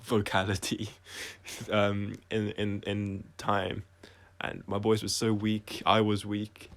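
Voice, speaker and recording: Soft-spoken man with a lowish voice. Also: completely flat delivery. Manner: reflective, halting, with frequent restarts. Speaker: singer-songwriter explaining his songs. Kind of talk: casual livestream commentary.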